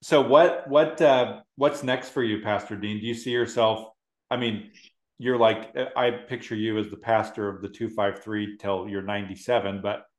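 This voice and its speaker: A man's voice: fairly low pitch, fairly even intonation, normal speed. A man hosting an interview, asking easygoing, curious questions. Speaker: interview host. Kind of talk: casual interview. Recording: roomy echo.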